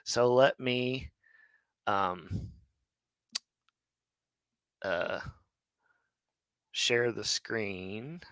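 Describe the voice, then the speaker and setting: A man's voice: lowish voice, drawn-out words, pauses often, a bit bright, clean tone, no room sound. A man hosting a live online Hebrew lesson. He thinks aloud and corrects himself mid-sentence.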